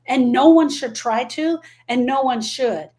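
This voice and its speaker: A woman's voice: sits high, a little slow, a little mellow. A middle-aged woman hosting a live stream as a grief coach, speaking emphatically, repeating her key phrases and answering viewer comments.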